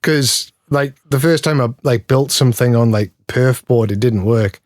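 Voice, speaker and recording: A man's voice: medium pitch, moderate pace, no echo, studio quality. A man with a Geordie accent from Newcastle, chatting casually as a guest in an interview, rambling and self-deprecating with frequent laughs. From Newcastle, England. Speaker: guest, pedal builder.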